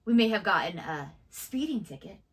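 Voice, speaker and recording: A woman's voice: medium pitch, lively intonation, moderate pace, slight background noise. A woman co-hosting a reaction channel, chatting casually and adding short agreeing remarks. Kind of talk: casual chat.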